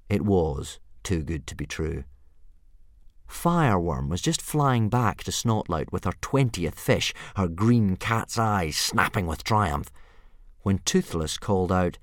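A man reading a children's adventure story aloud with lively, animated narration. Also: low voice, slow pace, no echo, studio quality. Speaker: audiobook narrator.

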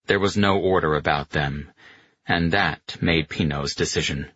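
A man's voice: very deep voice, a little slow, a bit bright, no room sound, lo-fi sound. A man narrating a novel as an audiobook reader, telling it steadily and voicing the characters' lines. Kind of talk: scripted narration.

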